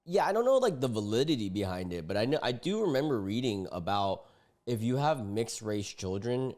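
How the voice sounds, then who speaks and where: Young male streamer, lively pitch, casual indignant reaction commentary. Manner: animated, indignant, slangy.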